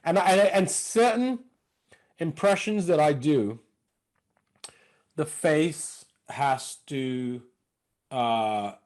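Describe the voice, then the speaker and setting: A man who works as a comedian and impressionist, chatting as a podcast guest. His voice runs a bit high, and he tells stories in an animated way, breaking into voices now and then. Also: very slow, long pauses. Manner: animated storyteller, slips into impressions. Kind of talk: casual interview chat.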